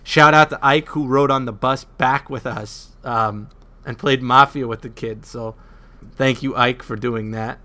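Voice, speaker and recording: A man's voice: mid-range voice, steady tone, a little slow, pushed and bright. A man hosting and editing a podcast, chatting casually in an easygoing, joking way. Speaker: podcast host and editor.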